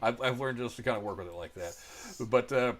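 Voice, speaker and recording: Fast-talking man hosting a movie chat. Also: mid-range voice, slight background noise. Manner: chatty, laughs easily, many restarts. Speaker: podcast host. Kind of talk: casual movie review chat.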